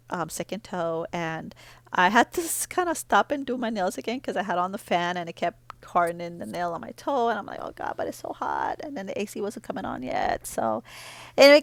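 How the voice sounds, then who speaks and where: A woman's voice: medium pitch, dry recording. A middle-aged woman vlogging in a casual, rambling way, telling a heartfelt family story while doing her nails.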